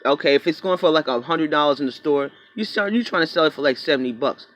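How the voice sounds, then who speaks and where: A man's voice: fairly high pitch, fast talker, fairly bright tone. A man vlogging about his small business, telling a story in a casual, profane rant with acted-out quotes.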